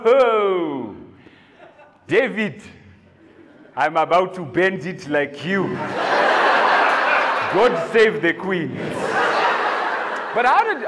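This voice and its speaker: A South African man doing stand-up comedy, telling stories with animated mock outrage. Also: high-pitched, long reverb tail. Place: comedy venue, indoors.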